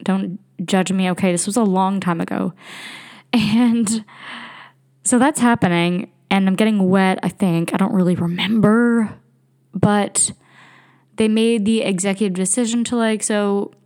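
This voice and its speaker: A woman's voice: medium pitch, steady tone, unhurried, darkish tone. A young woman hosting a podcast, telling a candid, rambling story in casual monologue with frequent laughs and fillers. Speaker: podcast host. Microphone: home computer recording.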